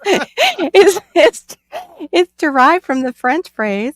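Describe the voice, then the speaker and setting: A woman's voice: high voice, big pitch swings, drawn-out words, no echo. A woman from Florida hosting a casual chat stream, chatty and laughing often. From Florida, USA. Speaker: channel host.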